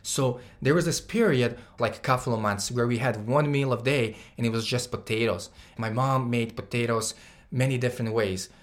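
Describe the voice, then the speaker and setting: A man's voice: mid-range voice, moderate pace. Casual young man telling a personal story. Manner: casual, says "like" often, grows louder and more emotional. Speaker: guest storyteller.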